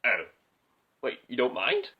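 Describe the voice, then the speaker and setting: A man's voice: mid-range voice, huge pitch swings, measured pace, breathy edge, narrow, tinny audio. A man hosting a comedic film review, sarcastic and theatrical, often exasperated.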